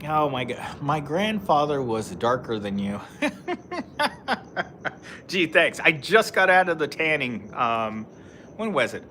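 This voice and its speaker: A man's voice: fairly high pitch, expressive, unhurried, bright, forceful tone, slight background noise. A man live-streaming outdoors, chatting casually with viewers and reading their comments, rambling with lots of fillers and frequent laughs. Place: outdoors in a park.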